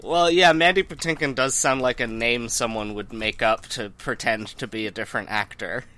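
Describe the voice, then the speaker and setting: A man's voice: medium pitch, moderate pace, sharp tone. A man co-hosting a podcast, dropping dry, wry interjections into a casual chat. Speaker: podcast co-host.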